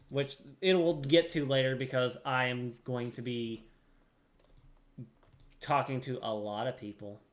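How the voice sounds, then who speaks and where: A gamer giving let's-play commentary, explaining game controls with deadpan, self-mocking asides. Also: medium pitch.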